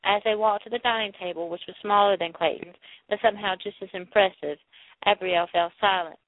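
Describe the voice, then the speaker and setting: A woman's voice: medium pitch, fairly even intonation, fairly quick. Woman reading a novel over a tinny line. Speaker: audiobook narrator. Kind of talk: novel reading with light character voices. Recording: dry, tinny phone-like sound.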